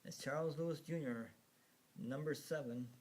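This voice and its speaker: A man's voice: fairly high pitch, normal speed, darkish tone. A man casually narrating a slideshow, rambling and hesitant, full of fillers and restarts, chuckling at his own remarks. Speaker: video narrator.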